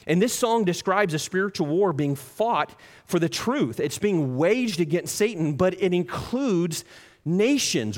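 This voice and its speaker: Man preaching in a reverberant hall. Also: on the high side. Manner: animated storytelling with dramatic quoted voices. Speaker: pastor. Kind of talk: sermon.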